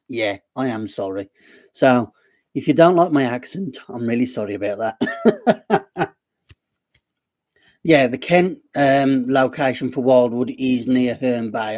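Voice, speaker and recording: Slow, dark-voiced Black Country man. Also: medium pitch. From Black Country, West Midlands. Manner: rambling, apologetic, self-deprecating. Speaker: live stream host. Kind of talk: casual live stream chat.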